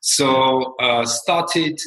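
French-accented man in a roomy echo. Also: medium pitch. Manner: unhurried, self-deprecating, often trailing off quietly. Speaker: guest, company co-founder. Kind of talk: interview answers.

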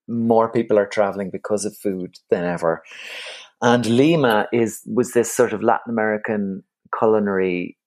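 An Irish man in his forties, a travel writer guest telling stories in conversation, animated and rambling, with frequent restarts and laughs. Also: lowish voice. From Ireland. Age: 40s. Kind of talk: conversational storytelling.

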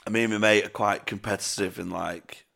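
A man's voice: on the low side, steady tone, a little fast, gravelly, sharp tone. A young man co-hosting a casual podcast, telling stories with lots of laughing and swearing. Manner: laughing storyteller, swears freely. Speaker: podcast co-host. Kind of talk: casual chat.

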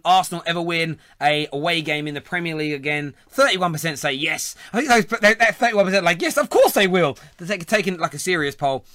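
A man's voice: a little high, bright, forceful tone, dry recording, clean studio sound. A man, hosting a show in casual, joking chat. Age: 30s. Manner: chatty, laughing banter. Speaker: host.

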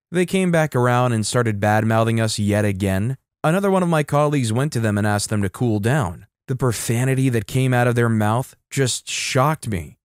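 A man narrating a story in a steady, matter-of-fact scripted reading. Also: medium pitch, dry recording, studio quality.

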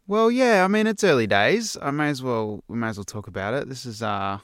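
A man's voice: mid-range voice, animated, brisk, fairly bright tone, no echo, clean studio sound. A man co-hosting a podcast in casual chat, laid-back, laughing often and trailing off mid-sentence. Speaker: podcast co-host.

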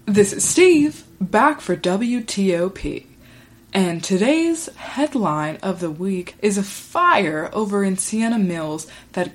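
A woman putting on the voice of a detached male TV news anchor, with an exaggerated up-and-down cadence and odd pauses. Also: medium pitch.

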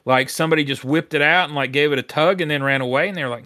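A man on a casual podcast telling a workplace story in a lively, animated way, acting out the people he quotes. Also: a little high, very fast, no room sound, clean studio sound. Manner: animated storyteller who acts out quoted voices.

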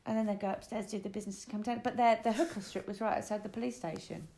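A woman co-hosting a podcast, chatting casually and telling animated stories, acting out the voices as she goes. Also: medium pitch, fast talker, vocal fry, slight background noise. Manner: animated storyteller, acts out voices. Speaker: podcast co-host. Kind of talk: casual chat.

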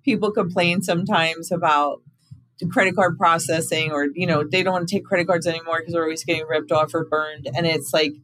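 A man hosting a podcast, telling stories in a casual, animated way and acting out the voices of the people he quotes. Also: a little high, brisk, no echo, poor audio. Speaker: podcast host. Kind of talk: casual conversation.

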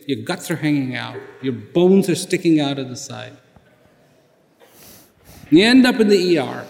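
A man's voice: a little high, creaky, darkish tone. A man giving a motivational speech, building his points with rhetorical questions, repeated words and acted-out exchanges. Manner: emphatic, repeats key words. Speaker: public speaker. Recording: echoey hall reverb.

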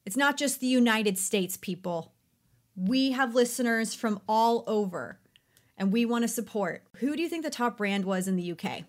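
A woman's voice: fairly high pitch, animated, normal speed. A woman co-hosting a podcast, chatting casually and quizzing her co-host.

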